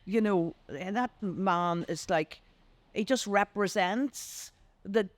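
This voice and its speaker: An older woman with a Northern Irish accent, a business coach being interviewed on a podcast, telling stories with lively acted-out voices. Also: takes it slowly, dry recording. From Northern Ireland. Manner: animated, acts out quoted voices with big pitch leaps. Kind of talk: podcast interview, anecdotal storytelling.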